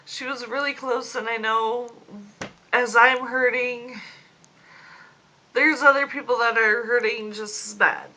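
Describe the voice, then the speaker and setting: A woman in her late twenties speaking a personal video diary into a phone, grieving, slow and halting, fighting back tears. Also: fairly high pitch, steady tone, bright, forceful tone, rough recording. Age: 20s. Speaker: vlogger. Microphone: phone camera.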